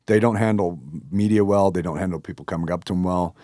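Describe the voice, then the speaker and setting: A man in his fifties, a podcast guest, telling stories in a blunt, animated way with some casual swearing. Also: low voice, fast, no echo, clean studio sound. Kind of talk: casual conversation.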